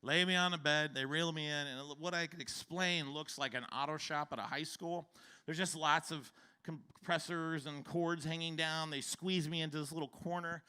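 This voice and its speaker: Man, 50s, stand-up comedian, very bright forceful voice, animated storytelling, shouted bursts. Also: fairly high pitch, normal speed, clear, resonant tone. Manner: animated, acts out characters with shouted exclamations. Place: comedy stage before a live audience.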